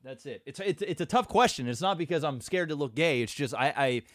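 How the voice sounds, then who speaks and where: A man with a slightly raised pitch co-hosting a podcast. He talks in hesitant, stumbling starts and often repeats his words. His voice is dry and close on the mic. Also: expressive, a little fast, dry recording. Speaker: podcast co-host. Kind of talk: casual crude banter.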